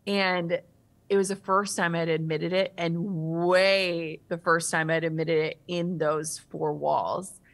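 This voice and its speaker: A woman in her thirties, appearing as a guest author in an interview, tells a personal story vividly and with animation. Her voice is lowish and her pace slow.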